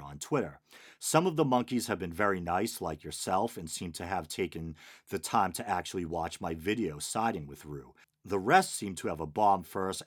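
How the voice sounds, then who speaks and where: A man hosting a podcast, reading out online comment threads with wry, amused asides. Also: deep voice. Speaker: podcast host.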